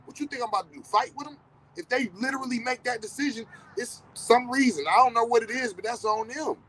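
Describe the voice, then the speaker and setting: Sitting high in pitch, this middle-aged man's voice comes through poor audio with a little hiss or hum. Hosting a podcast in a casual monologue, he's blunt and profane, repeats himself to drive points home, and tells animated stories full of quoted dialogue.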